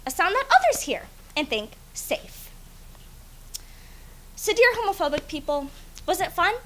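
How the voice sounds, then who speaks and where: Impassioned high-voiced woman slam poet. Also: sing-song, measured pace. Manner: impassioned, dramatic swings between loud and hushed. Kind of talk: spoken word poetry performance. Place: school event stage.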